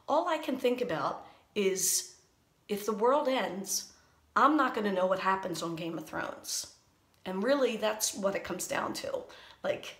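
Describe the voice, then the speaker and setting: Anxious woman ranting in an echoey bathroom. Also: medium pitch. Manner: anxious, rambling, sarcastic. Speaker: comedian. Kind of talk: comic monologue vlog. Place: small bathroom.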